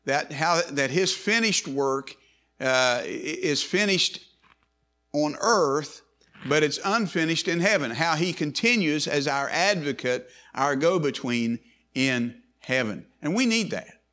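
A man's voice: a little high, expressive, slow pace, sharp tone. A man preaching a sermon in an emphatic way, often restarting and repeating words.

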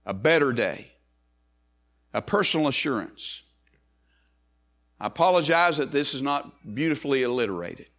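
Very animated and fairly bright in tone, a man preaches as pastor, swinging between quick, low asides and slow, high, emphatic rises on key phrases.

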